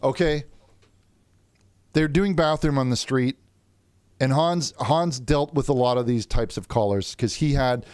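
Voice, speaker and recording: A man's voice: mid-range voice, a little mellow, clean tone, no echo. Stammering man in a dry close recording. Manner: stammering, halting, repeats words. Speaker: plaintiff in a mock trial. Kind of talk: comedic improvised courtroom role-play.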